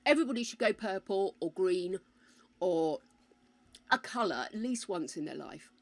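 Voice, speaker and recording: A woman's voice: mid-range voice, lively intonation, normal speed. An older British woman streaming a game, chatting casually with her viewers, calling them darling and swearing freely. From United Kingdom. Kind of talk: casual live-stream chat.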